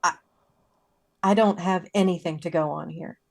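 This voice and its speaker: A woman playing a confused character in a horror tabletop game, speaking hesitantly with many pauses and ums. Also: fairly low pitch, fairly even intonation, gravelly, darkish tone. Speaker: player.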